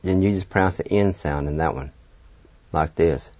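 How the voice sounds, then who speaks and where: A man's voice: deep voice, moderate pace, warm tone, no echo. A man teaching a radio language lesson, patiently spelling words letter by letter and encouraging learners. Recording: dull, dry lo-fi radio sound.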